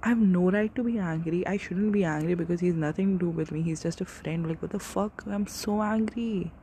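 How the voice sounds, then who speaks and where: A woman's voice: lowish voice, fairly even intonation, fast talker, mellow, slight background noise. A young woman in her twenties hosting a casual solo podcast, rambling and swearing freely as she corrects herself. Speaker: podcast host.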